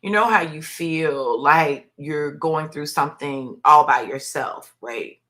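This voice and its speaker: A woman's voice: sits low, slow, a bit bright. A woman in her fifties giving a heartfelt personal testimony on a live stream, talking in a conversational, preacher-like way with many fillers. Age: 50s. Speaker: minister.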